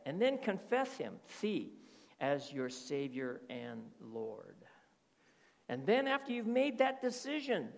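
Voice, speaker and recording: A man's voice: mid-range voice, vocal fry. A middle-aged man preaching a sermon as pastor, often checking in with his listeners through rhetorical questions. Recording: reverberant hall.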